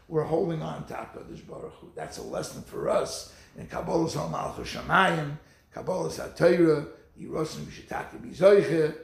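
A man's voice: fairly high pitch, moderate pace, creaky, roomy sound. A man giving a sermon, telling stories and acting out the quotes. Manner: animated storytelling with acted quotes. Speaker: rabbi.

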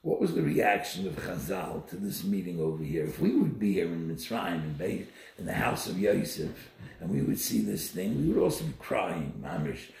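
Gravelly, animated man teaching Torah. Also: low-pitched, moderate pace. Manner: animated, emphatic storytelling. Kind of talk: Torah lecture with storytelling. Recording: echoey room.

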